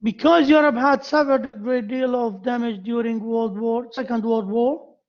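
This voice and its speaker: A male university lecturer giving a grammar lesson to a class, halting and repeating himself as he quizzes his students. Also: extremely high pitch, steady tone, dull audio.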